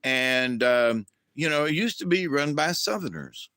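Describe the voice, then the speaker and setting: A man's voice: a little high, lively intonation, measured pace, pushed and bright, dry recording. A man hosting a livestream, chatting casually and rambling with restarts and acted-out quotes, from the southern United States. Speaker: livestream host.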